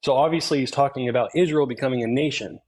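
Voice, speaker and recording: Man, middle pitch, debate caller, insistent, interrupting. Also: fast, a little mellow, rough recording. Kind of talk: online debate.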